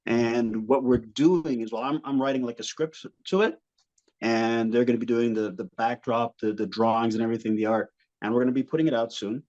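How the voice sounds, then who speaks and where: A man's voice: mid-range voice, fairly quick, lo-fi sound. A male comedian guest in a casual podcast interview, telling stories with animation. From Canada. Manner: animated storyteller, acts out family members in voices.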